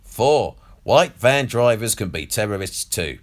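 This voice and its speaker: A crude elderly media baron, as a man puts him on in a put-on Australian accent, sneering and gloating through a comedy podcast monologue. His voice sits on the low side, and his manner is mocking and foul-mouthed throughout. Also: lively intonation, a little slow.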